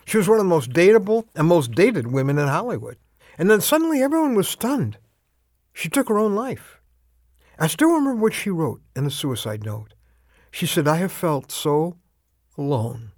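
A man giving a short radio devotional talk, earnest and intimate, slowing down for emphasis. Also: sits high, big pitch swings, a little mellow, no echo, clean studio sound. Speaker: radio preacher.

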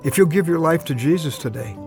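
Earnest man preaching over soft music. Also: on the high side, lively intonation, vocal fry. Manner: earnest, intimate, with slow emphatic pauses. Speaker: radio preacher. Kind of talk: short radio devotional talk.

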